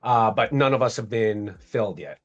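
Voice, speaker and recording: A man's voice: lowish voice, muffled recording. Upbeat man walking through trades. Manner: upbeat, explains trades step by step, quick agreeing. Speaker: livestream host trader. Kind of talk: casual livestream chat.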